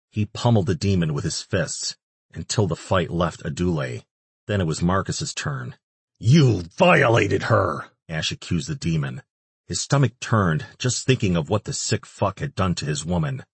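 Deep-voiced male audiobook narrator, husky tone, dry close read. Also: dry recording. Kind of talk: scripted narration.

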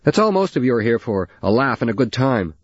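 A man's voice: lowish voice, animated, very fast, no room sound, highs cut off, pitched above the performer's own voice. A man voicing an angry, defiant teenage boy. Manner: shouting, defiant.

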